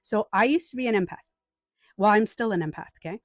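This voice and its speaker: A woman's voice: medium pitch, brisk, no echo, clean studio sound. A woman life coach and author talking on a live stream, telling stories with acted-out quotes and answering the chat. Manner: chatty, animated storytelling with acted-out quotes.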